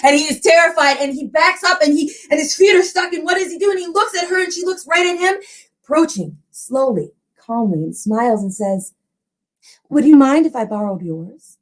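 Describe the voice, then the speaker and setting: Woman telling a spooky story, fairly high voice, swoops all over, super animated. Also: a little fast. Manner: expressive, animated narration. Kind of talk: dramatic oral storytelling.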